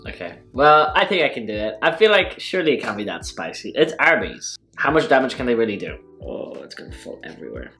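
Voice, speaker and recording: A man's voice: mid-range voice, sing-song, fast, hardly any pauses, bright, forceful tone, soft background music. A man hosting a casual eating vlog, talking through mouthfuls in a wry, sarcastic way. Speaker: food vlogger. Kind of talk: casual mukbang vlog talk.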